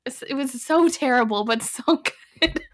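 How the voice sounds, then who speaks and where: A woman's voice: high-pitched, moderate pace. A woman hosting a casual film-review podcast, chatty and enthusiastic as she shares her opinions. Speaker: podcast host.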